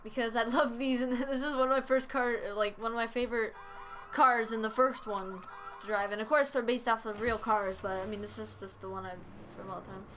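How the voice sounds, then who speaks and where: A woman hosting a gameplay video, talking through the action in a chatty, giggly way with frequent laughs and playful outbursts. Her voice sits fairly high. Faint background noise hums under the commentary. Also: fairly quick. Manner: excitable playful exclamations. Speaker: gaming channel host. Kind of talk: let's play commentary.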